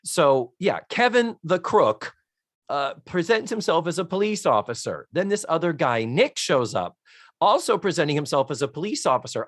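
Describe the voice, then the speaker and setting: A man's voice: fairly high pitch, dry recording. A man in his forties co-hosting a comedy recap podcast, his voice swinging widely as he acts out bits of scenes in mock voices. He swears freely and keeps the banter going. The sound is dry and close to the mic. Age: 40s. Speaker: podcast co-host. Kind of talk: casual comedic recap chat.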